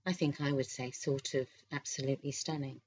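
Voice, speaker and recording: Casting: woman reading as a smooth, flirty man in charge, low soft delivery, quietly confident, dull lo-fi audiobook sound. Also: fairly even intonation, fairly quick. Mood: teasing. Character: charming flirtatious male boss. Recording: slightly dull lo-fi recording.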